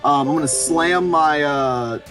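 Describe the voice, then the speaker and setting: A man's voice: fairly high pitch, a little slow, soft background music. A man with a headset, a player in an online tabletop game, eagerly describing his character's attacks in vivid detail.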